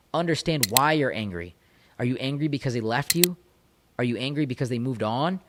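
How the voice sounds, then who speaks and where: A man speaking as a breakup coach in a motivational monologue into a microphone, emphatic and repetitive, hammering points home in short punchy phrases. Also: medium pitch. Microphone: studio microphone.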